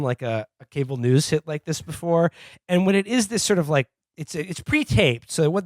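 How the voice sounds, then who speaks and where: A man's voice: fairly high pitch, no room sound. A man co-hosting a podcast in casual comedic chat, rambling with lots of fillers and laughing often. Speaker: podcast co-host.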